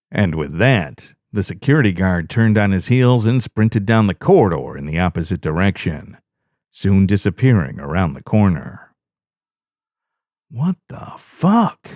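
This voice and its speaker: Casting: male horror narrator, low voice swooping widely, dry close mic. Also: dry recording. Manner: dramatic, expressive. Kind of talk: scripted first-person horror narration.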